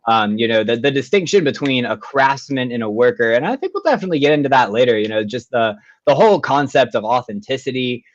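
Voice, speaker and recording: A man's voice: medium pitch, expressive, fast talker, few pauses, no echo, dull audio. A man hosting a live online show, greeting viewers with upbeat, effusive chatter over a video call. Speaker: show host.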